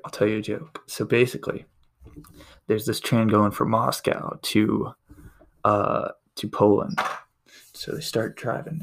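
A man hosting a casual show, telling a joke in a rambling way and chuckling as he goes. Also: lowish voice.

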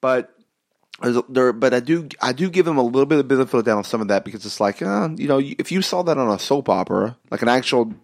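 A man's voice: medium pitch, lively intonation, fast talker, gravelly. A man co-hosting a casual wrestling podcast, rambling, with frequent restarts and fillers. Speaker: podcast co-host.

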